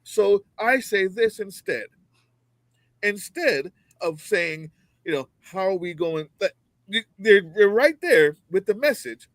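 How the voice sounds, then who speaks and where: A man with a high voice delivers a fiery, profane political rant over a video call. He mocks opponents and fires off rhetorical questions. The sound is dry and close, with no room around him. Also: very animated, slow, fairly bright tone, no room sound, low-quality recording. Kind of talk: heated political commentary.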